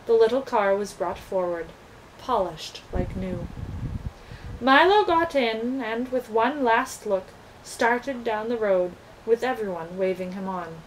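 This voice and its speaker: A woman reading a children's storybook aloud as narrator, gentle and expressive. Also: fairly high pitch, slow, slight background noise, rough recording.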